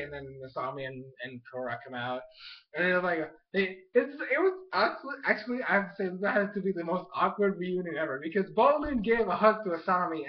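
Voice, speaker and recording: An excitable man with a high voice rambles through a casual episode recap, tossing in filler words constantly. The sound is dull and lo-fi, like a cheap home recording. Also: a little fast. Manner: excitable, rambling, heavy use of "like" and "oh my gosh". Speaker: anime show reviewer.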